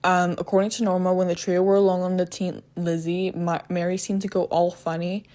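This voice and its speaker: Female true crime storyteller, lowish register, hesitant and restarting, blunt and profane in her asides. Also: flat delivery, brisk, warm tone. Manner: blunt, profane asides between retelling facts. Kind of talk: casual true crime narration.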